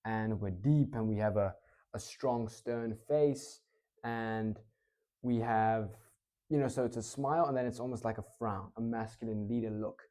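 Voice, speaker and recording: A man coaching public speaking in a casual teaching talk, swinging between excited and slow, low delivery. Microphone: clip-on mic.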